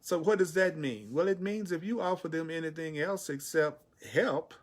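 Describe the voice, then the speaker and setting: A man's voice: fairly high pitch, normal speed. A middle-aged man giving a spiritual teaching talk, repeating key phrases with emphasis. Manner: repetitive, emphatic, pleading voice for quotes.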